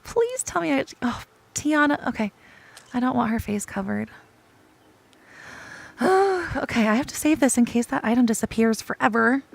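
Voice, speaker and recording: A young woman streaming a video game, chatting to her viewers in an excitable, dramatic way, gushing over cute items and groaning at losing them. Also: on the high side, normal speed, gravelly, long pauses. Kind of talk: casual gameplay chat to viewers.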